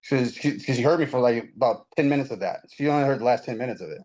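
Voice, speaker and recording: A man in casual spiritual conversation, telling his story in a rambling, animated way with many restarts. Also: medium pitch, fast, poor audio. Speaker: guest.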